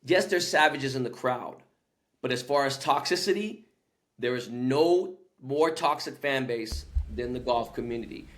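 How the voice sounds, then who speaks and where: A podcast guest from Los Angeles, USA, with a mid-range voice and a slightly slow pace, tells stories in slangy, casual chat. He's animated and acts out the voices of the people he quotes.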